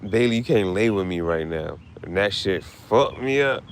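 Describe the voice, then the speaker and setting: A man's voice: sits low, lively intonation, moderate pace, slight background noise. A man talking casually and emotionally, grieving, swearing and repeating himself in slang. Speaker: streamer.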